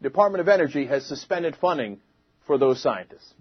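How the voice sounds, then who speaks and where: A man's voice: on the high side, lively intonation, a little fast, breathy edge, no echo, lo-fi sound. Indignant man ranting on political talk. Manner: indignant, mocking, punchy delivery. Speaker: political commentary host. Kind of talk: heated political commentary monologue.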